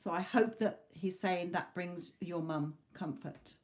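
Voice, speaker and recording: A woman's voice: fairly low pitch, a little slow. A woman doing a live psychic tarot reading, earnest, often checking in with "okay?" as she relays messages. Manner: relays messages from a spirit in first person. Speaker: tarot reader.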